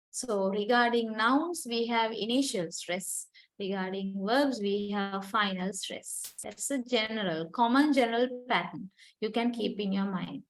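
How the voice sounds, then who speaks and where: A woman who is not a native English speaker, lecturing on English linguistics, explaining patiently step by step and repeating words to model them. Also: mid-range voice. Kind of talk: recorded university lecture.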